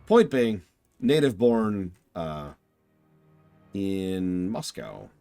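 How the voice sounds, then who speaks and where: A man's voice: fairly low pitch, sing-song, extremely slow, warm tone, dry recording, faint music behind. A man streaming a game, rambling and joking at his own expense while commenting on the voice acting. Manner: joking, rambling, self-deprecating.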